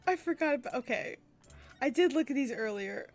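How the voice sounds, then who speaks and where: A woman's voice: sits high, expressive, a little fast, darkish tone, soft background music. A young woman streaming a game, chatting casually, gushing and swearing as she reacts.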